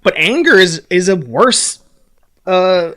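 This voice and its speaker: A young man in casual sports chat, animated and sweary. His pitch leaps around as he mocks players in quick impressions. He sits a touch higher than the average male voice. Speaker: podcast co-host.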